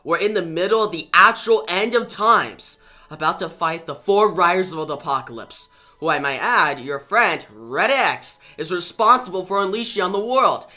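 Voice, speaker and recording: A fierce, commanding superhero leader who pushes her lines out with urgency, as a man puts her on while reading a comic aloud. The voice is raised and bright, with a tense edge. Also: sits high, expressive, normal speed, voice pushed up, full character voice. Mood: urgent.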